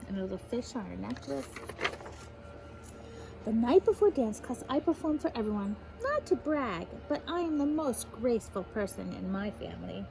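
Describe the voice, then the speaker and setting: Animated woman reading a picture book aloud. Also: fairly high pitch, normal speed, vocal fry, soft background music, low-quality recording. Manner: animated, explains fancy words to children.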